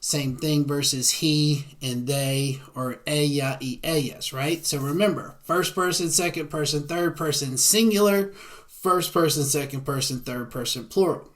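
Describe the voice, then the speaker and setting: A man with a Southern American accent giving a beginner lecture, often checking in with a quick "right?". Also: a little high, a bit bright. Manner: frequent tag "right?". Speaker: Spanish teacher. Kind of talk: classroom lecture.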